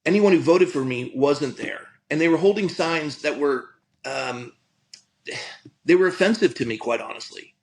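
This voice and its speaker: This earnest middle-aged pastor has a high-leaning, expressive voice and talks at an ordinary speed. Telling a personal story in a conversational tone, he keeps restarting his sentences and stumbling into repeats, all captured on poor audio.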